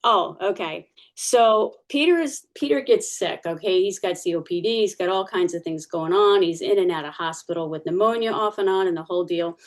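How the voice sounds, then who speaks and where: A woman's voice: on the low side, normal speed, few pauses. A woman giving a personal testimony in church, telling her story casually, with many fillers and restarts.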